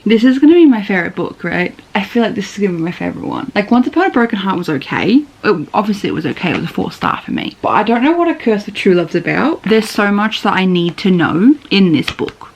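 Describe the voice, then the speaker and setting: A young woman chatting casually in a reading vlog, reacting excitably with laughs, gasps and swearing. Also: medium pitch, quick pace, hardly any pauses, low-quality recording. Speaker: booktuber.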